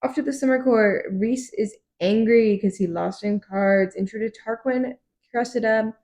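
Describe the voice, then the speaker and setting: Gravelly young woman recapping a book. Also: on the high side, normal speed, darkish tone. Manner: retells scenes in quoted voices, frequent ums, swears casually. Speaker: podcast host recapping chapters. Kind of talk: casual book-club chat.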